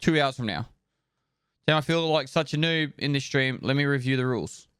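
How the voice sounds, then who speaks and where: Smooth-voiced streamer rattling off thank-yous. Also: male voice, medium pitch, fairly bright tone, dry recording, clean studio sound. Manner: rattles off viewer names and thanks in quick bursts, loose and joking, swears. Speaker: live streamer. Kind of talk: casual live-stream chat, reading out subscriber thank-yous.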